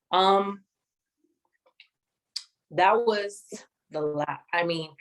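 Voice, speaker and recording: A woman sharing a personal testimony in an interview, speaking in a measured, reflective way with many pauses. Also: low voice, rough recording. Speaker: guest sharing her testimony.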